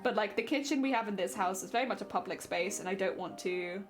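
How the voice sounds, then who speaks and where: A woman's voice: mid-range voice, fast talker, soft background music. A young woman streaming, chatting playfully with her viewers while she crafts, often giggling.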